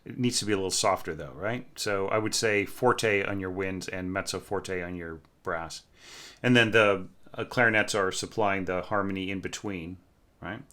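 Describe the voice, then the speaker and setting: At a moderate pace, a man offers an informal critique of a student's orchestral score, his voice lowish, bright and forceful. As he talks it through, he uses fillers, hums short passages, and carries the air of a relaxed teacher with exacting standards.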